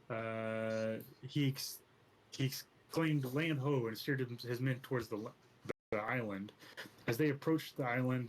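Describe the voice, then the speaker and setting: A man's voice: medium pitch, poor audio. Man, game master, tabletop narration, mid voice, faint background hiss. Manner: measured storytelling read with small stumbles. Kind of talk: narrating a tabletop game, reading lore aloud. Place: home streaming setup.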